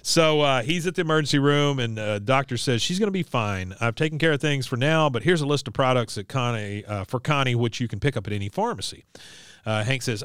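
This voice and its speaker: A man co-hosting a casual podcast, retelling a cartoon episode scene by scene in a relaxed, chuckling way. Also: mid-range voice, fast, clear, resonant tone, dry recording, studio quality. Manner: laid-back storytelling, quoting characters, chuckling often. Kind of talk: casual chat.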